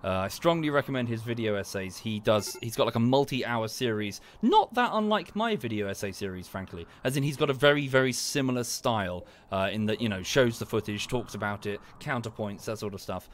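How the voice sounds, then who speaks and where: A man streaming a game, rambling in a casual chat that turns into heated ranting with sudden high outbursts. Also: lively intonation, a little fast, hardly any pauses. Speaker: gaming streamer.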